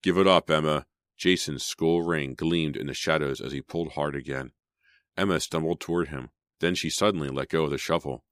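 A man's voice: a bass voice, steady tone, a little fast, no room sound, clean studio sound. A man reading a horror audiobook in a dramatic, suspenseful storytelling style. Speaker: audiobook narrator. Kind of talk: scripted audiobook narration.

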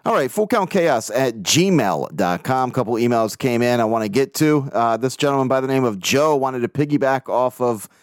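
A man hosting a casual sports podcast alone, excitable and swearing freely as he recounts games and reads out listener emails. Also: medium pitch, moderate pace, hardly any pauses, no echo, studio quality. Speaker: podcast host.

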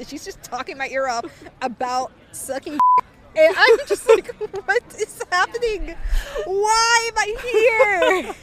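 A young woman in her twenties tells an animated story in casual speech, peppered with "like". Her voice is high. She talks freely to an interviewer. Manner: animated, full of "like" fillers.

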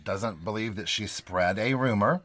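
A man co-hosting a podcast, recapping reality TV scenes in casual, animated chat. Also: on the low side, measured pace, a crowd in the background. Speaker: podcast co-host.

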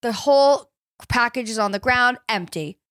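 A woman with a fairly high voice trades playful jokes on a podcast, swearing without a second thought. Her talk is loose and casual. The sound is close and dry, with no room around it. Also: moderate pace, fairly bright tone, dry recording. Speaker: podcast co-host. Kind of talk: casual chat.

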